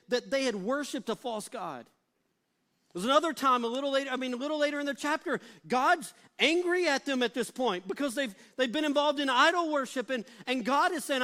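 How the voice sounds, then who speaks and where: High-voiced male pastor preaching. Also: expressive, normal speed, sharp tone. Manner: conversational storytelling, acts out quoted voices. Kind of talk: sermon.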